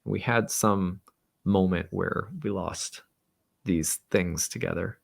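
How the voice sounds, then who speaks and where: Gravelly-voiced man telling a reflective story. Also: low-pitched, steady tone. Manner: halting, reflective. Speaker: astrologer host. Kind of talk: personal storytelling monologue.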